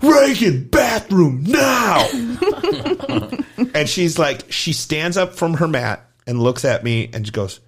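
A middle-aged man with a voice of ordinary pitch, chatting casually as a gymnastics coach on a podcast. He tells his stories with animation and slips into the voices of the people he quotes. The talk is relaxed and conversational. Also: normal speed, gravelly, hardly any pauses. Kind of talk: casual storytelling chat.

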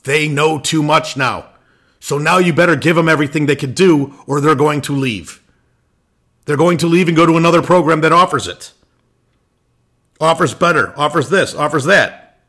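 A man's voice: a little high, normal speed, long pauses, a bit bright. A man hosting a lacrosse show, ranting bluntly with swearing and restarts, irritated. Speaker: lacrosse podcast host. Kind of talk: opinion rant.

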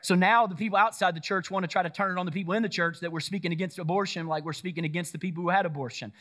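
A man's voice: high voice, steady tone, very fast, fairly bright tone. A man preaching a sermon in a church service, firing rhetorical questions and leading call-and-response. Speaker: pastor.

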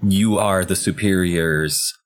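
A man with a notably low, deep voice chats casually as a podcast co-host. He recaps a video game with easy enthusiasm. His words often tumble out in fast, excited bursts.

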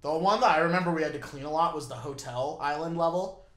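A man's voice: on the high side, fast. Joking young man in an echoey room. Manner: joking, swears loudly, bursts of shouting. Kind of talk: casual chat.

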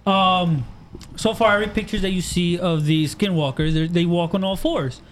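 Male podcast co-host, high voice, steers the chat, faint hiss behind. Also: moderate pace. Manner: reads facts aloud, keeps steering back to the topic. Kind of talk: casual chat.

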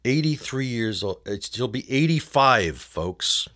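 A man's voice: mid-range voice, lively intonation, unhurried, bright, forceful tone. A male show host giving a sarcastic political commentary monologue, often calling his listeners folks.

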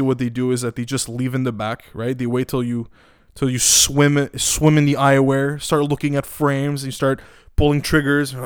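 A man's voice: medium pitch, smooth, no room sound, studio quality. A young man from Eastern Europe, ranting casually with lots of swearing, restarts and fillers. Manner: profane, animated, many restarts and filler words. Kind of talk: casual rant.

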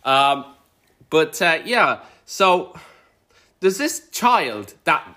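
A man's voice: a little high, sing-song, extremely slow, sharp tone. A man co-hosting a podcast, chatting casually, rambling and swearing as he riffs into rants. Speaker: podcast co-host. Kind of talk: casual chat.

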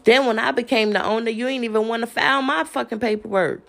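A woman's voice: fairly high pitch, quick pace, vocal fry, a bit bright. A woman ranting on a podcast, profane and confrontational, laughing between jabs. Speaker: podcast host. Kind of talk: heated solo rant.

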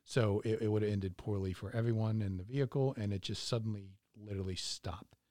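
A middle-aged man telling a story in a measured, casual way, with frequent fillers. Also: lowish voice, fairly even intonation, dark tone, no echo, clean studio sound.

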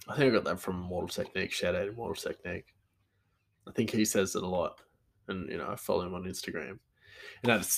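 A man's voice: low-pitched, creaky, a bit bright. A man talking casually on his own, rambling and easygoing, with frequent laughter in his talk. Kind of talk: casual monologue.

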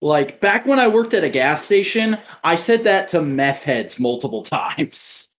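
A co-host in casual chat, jokey and quick to riff on the story. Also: mid-range voice, very animated.

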